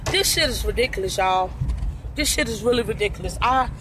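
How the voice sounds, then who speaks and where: Furious high-voiced woman ranting. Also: animated, fairly quick, fairly bright tone, slight background noise. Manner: heated, repetitive, swearing, exasperated. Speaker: livestreamer ranting in her car. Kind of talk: angry profane rant. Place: inside a parked car outdoors.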